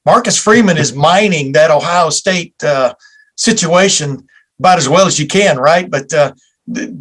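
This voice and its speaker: A man's voice: fairly high pitch, normal speed, a bit bright. A man hosting a sports podcast, chatting casually and dropping facetious asides. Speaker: podcast host.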